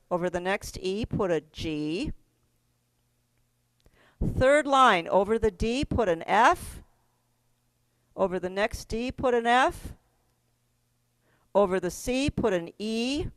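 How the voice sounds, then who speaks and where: A woman's voice: medium pitch, no echo. A middle-aged woman teaching a keyboard class, giving step-by-step instructions in a chatty way and laughing often.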